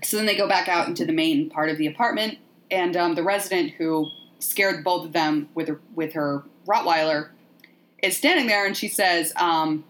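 A woman hosting a podcast, chatting casually as she retells a film with playful, animated asides. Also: fairly low pitch, normal speed. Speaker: podcast host.

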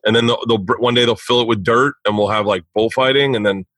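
A man's voice: mid-range voice, steady tone, fast talker, a bit bright, dry recording. A man hosting a podcast, reading ads and chatting casually, loose and profane with stumbling restarts. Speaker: podcast host. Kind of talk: casual chat and read ads.

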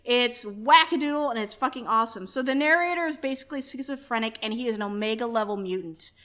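A woman's voice: a little high, fast talker, fairly bright tone. A woman hosting a podcast, chatting casually in a brash, joking, profane way. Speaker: podcast host. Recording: dull lo-fi podcast audio.

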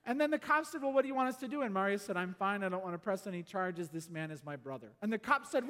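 A man preaching a sermon, telling stories and swinging between loud exclamations and quiet asides. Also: high-pitched, quick pace, few pauses. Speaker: pastor. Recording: long hall reverb.

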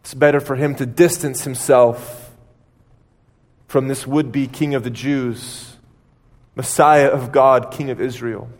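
A male pastor delivers a slow, deliberate sermon, retelling a story with dramatic pauses. His voice rings out with a long reverb from the church hall, sitting at a middle pitch. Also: steady tone.

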